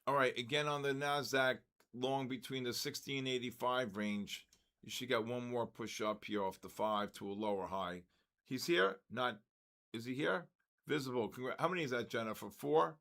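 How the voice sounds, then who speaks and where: An older man hosting a live trading stream, excitedly calling out viewers' names and market moves, his voice worn from talking. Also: medium pitch, moderate pace. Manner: excitable, calls out chat names. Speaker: trading livestream host.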